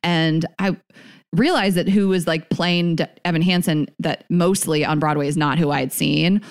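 Young woman cohosting a podcast, lowish voice, laughs a lot, swears casually. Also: steady tone, moderate pace, clear, resonant tone. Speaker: podcast co-host. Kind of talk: casual chat.

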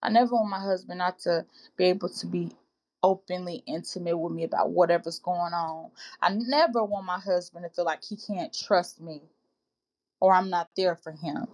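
A woman's voice: fairly low pitch, fairly even intonation, normal speed. A woman hosting a faith-based podcast for women, speaking earnestly and informally to listeners she calls sis and baby, in a preacherly, exhorting way. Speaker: podcast host.

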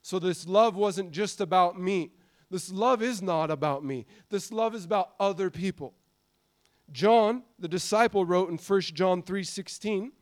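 A middle-aged American man preaching a sermon, swinging from loud emphasis to soft, confiding passages. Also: sits high, a little slow. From United States.

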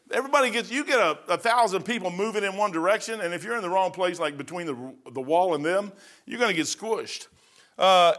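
Bright-voiced preacher in his sixties. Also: on the high side. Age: 60s. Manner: folksy, rambling, joking asides. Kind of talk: informal sermon.

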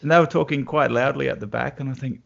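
A man's voice: mid-range voice, quick pace, vocal fry. A man with an Australian accent, a guitarist telling stories and laughing in a casual chat. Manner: animated anecdotes with laughs. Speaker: guest guitarist. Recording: dull lo-fi sound.

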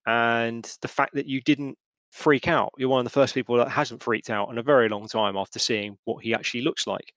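A man running a tabletop game as game master, narrating in a halting way with lots of restarts. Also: mid-range voice, a bit bright, no room sound. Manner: halting, many fillers and restarts.

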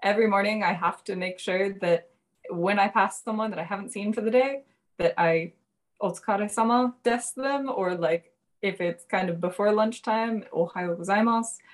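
A woman guest in a casual interview, a language teacher explaining things in a relaxed way with many fillers. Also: medium pitch, normal speed.

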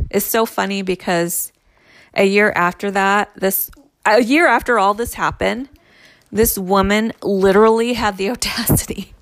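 A woman's voice: medium pitch, unhurried, a bit bright, no echo. A middle-aged woman telling the story of her ex-husband's affairs in a candid, exasperated way, acting out what people said to her. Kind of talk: casual personal storytelling.

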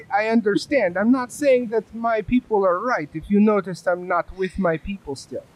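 Male player voicing a high-pitched cat-folk outcast who drops articles. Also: slight background noise, lightly acted, low-quality recording. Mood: earnest. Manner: halting speech that drops little words.

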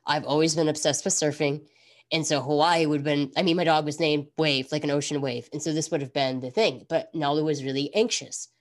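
This podcast host, a woman in her thirties, has a low voice and speaks a little fast. She chats casually and thoughtfully, wandering into plenty of asides with an animated, rambling manner.

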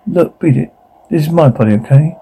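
Brash young party schemer, swaggering, crude, fairly high pitch, gravelly. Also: male voice, a little fast, dark tone, slight background noise, rough recording. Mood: scheming.

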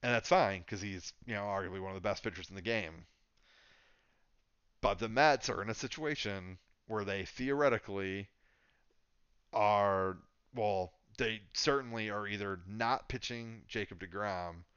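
A man's voice: on the low side, moderate pace, a bit bright, smooth, no room sound, highs cut off. A man co-hosting a podcast, chatting casually and thinking aloud with lots of fillers. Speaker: podcast co-host. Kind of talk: casual sports chat.

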